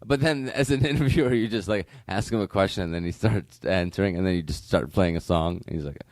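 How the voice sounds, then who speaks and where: A man with a lowish voice, recorded dry and close, trading wry comedy banter on a podcast. He talks in a deflating way and lets his bits trail off. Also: quick pace, darkish tone, no echo. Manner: wry, deflating, trails off while telling a bit.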